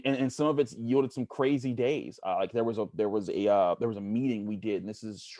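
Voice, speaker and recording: Low-voiced pittsburgh guy telling stories on a podcast, halting, dry close sound. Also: a little mellow, no echo. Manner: halting, earnest storyteller. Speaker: guest, sports journalist. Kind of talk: casual interview storytelling.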